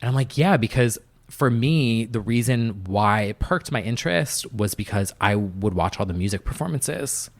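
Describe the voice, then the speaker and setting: A man's voice: mid-range voice, animated, normal speed. A young man chatting as a podcast guest, telling stories in a loose, filler-heavy way with lots of "like". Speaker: podcast guest, music producer. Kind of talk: casual interview chat.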